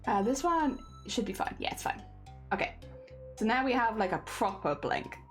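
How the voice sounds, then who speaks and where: While rigging a vtuber model on a casual live stream, a woman chats at a moderate pace with an animated pitch, narrating every step to herself and saying hello to viewers. Faint music plays, and she's a little congested and coughing.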